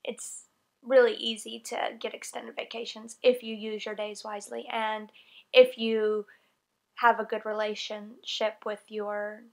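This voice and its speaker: A woman's voice: mid-range voice, flat delivery, a little slow, vocal fry, a little mellow. A young woman from North Carolina with a light Southern US accent, chatting casually and rambling a little about her work as an English teacher. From North Carolina, USA. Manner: chatty and rambling, many fillers and self-corrections. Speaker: English teacher on exchange program. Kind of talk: casual vlog talk.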